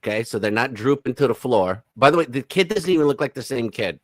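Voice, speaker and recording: A man's voice: mid-range voice, lively intonation, fast, no echo. A man giving sarcastic, casual commentary on videos, exclaiming and mocking as he goes.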